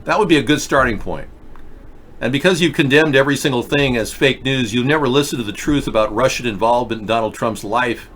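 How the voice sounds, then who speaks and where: A man's voice: mid-range voice, a little fast, fairly bright tone, a little hiss or hum. A man hosting a live political video chat show, talking emphatically and directly to viewers while wearing a mouth guard. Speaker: political talk show host.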